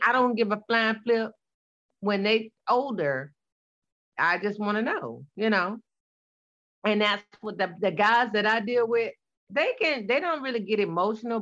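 A woman's voice: mid-range voice, a bit bright. Guest, woman in her forties, blunt and sassy, colloquial delivery, slightly dull recording. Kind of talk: casual conversation.

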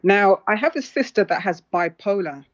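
A woman's voice: mid-range voice, expressive, normal speed. A woman tells a personal story as a guest author. She is earnest and reflective and sometimes restarts her sentences. The audio is muffled and lo-fi. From London.

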